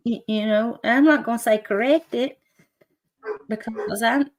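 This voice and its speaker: A woman's voice: a little high, measured pace. A woman with a thick Appalachian accent, co-hosting a livestream in casual chat and laughing often. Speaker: livestream co-host.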